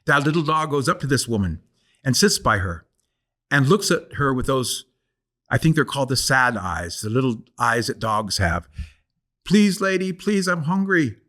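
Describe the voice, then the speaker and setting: An older man telling traditional stories aloud, with a rhythmic, repeating cadence. His voice sits mid-range and he slows down and leans on key words for effect. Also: mid-range voice, lively intonation, bright, forceful tone. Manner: rhythmic, repetitive storytelling cadence. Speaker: guest storyteller. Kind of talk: oral storytelling.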